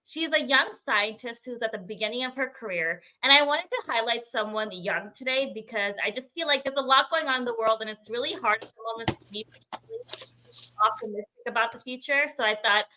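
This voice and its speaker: Woman co-host doing her podcast segment, kinda high and bright, lots of ums. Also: a little fast, poor audio. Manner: laughs often, reads notes with many ums. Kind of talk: casual chat and prepared segment.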